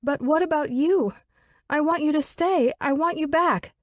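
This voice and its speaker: Female narrator voicing a distraught young woman: wailing, pleading, voice pitched well up. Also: unhurried, dry recording, studio quality. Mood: anguished.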